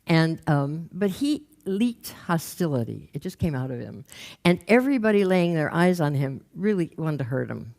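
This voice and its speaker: Low-voiced older woman telling a story. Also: big pitch swings, moderate pace, creaky, darkish tone. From raised in Los Angeles. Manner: wry, conversational, acts out quoted voices. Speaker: speaker telling a personal story. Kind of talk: storytelling talk.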